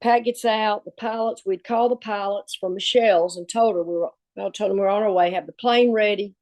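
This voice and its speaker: A woman telling a lively story from her coaching days, acting out the voices of the people in it. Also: mid-range voice, brisk. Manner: lively, acts out quoted voices. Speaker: former assistant coach. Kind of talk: storytelling anecdote.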